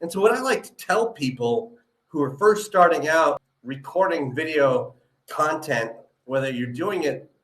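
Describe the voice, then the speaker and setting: A man's voice: on the high side, lively intonation, a little slow, fairly bright tone. Male interview host with a slight lisp, upbeat and coaching, echoey room sound. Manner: encouraging, peppers talk with "you know" and "right?". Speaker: show host. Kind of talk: live interview, coaching advice.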